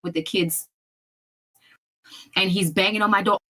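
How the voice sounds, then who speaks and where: A woman's voice: medium pitch, fairly even intonation, unhurried, pushed and bright, a little hiss or hum. A woman in a casual vlog, emphatically telling a family story, acting out other people's lines and addressing viewers as y'all. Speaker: storyteller in her own video.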